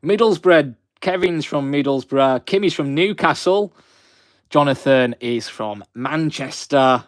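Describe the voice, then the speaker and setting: Young Black Country man, live-stream host, mid pitch, dry close sound, friendly rambling chat. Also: measured pace, no echo. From West Midlands of England. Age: 20s. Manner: friendly and rambling, with frequent fillers. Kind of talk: chatty live stream, greeting viewers.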